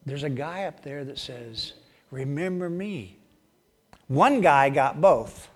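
A man preaching a sermon, animated, rising loud on emphasis and dropping to hushed asides. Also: medium pitch, a little slow, husky. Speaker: pastor.

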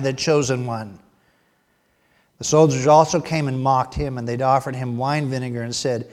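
A man preaching a sermon, animated, rising loud on emphasis and dropping to hushed asides. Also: mid-range voice, a little fast. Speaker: pastor.

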